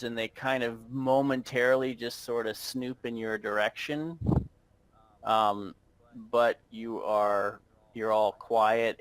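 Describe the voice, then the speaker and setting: A man narrating as game master over an online voice call, halting and full of fillers. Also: on the low side, a bit bright, dry recording, rough recording.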